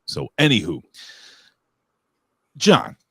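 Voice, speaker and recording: A man's voice: lowish voice, huge pitch swings, very slow, sharp tone, husky, dry recording, clean studio sound. A man co-hosting a talk show in casual, joking chat full of fillers and asides. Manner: joking, rambling, many fillers. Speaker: co-host.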